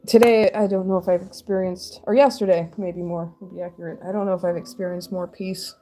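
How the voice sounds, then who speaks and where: A woman's voice: fairly low pitch, fairly even intonation, a little fast, mellow. A woman in her thirties chatting casually while crafting on a stream, rambling and laughing often.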